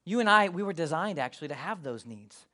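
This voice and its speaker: A man's voice: on the high side, lively intonation, brisk, sharp tone. A male pastor preaching a casual, joking sermon with emphatic delivery.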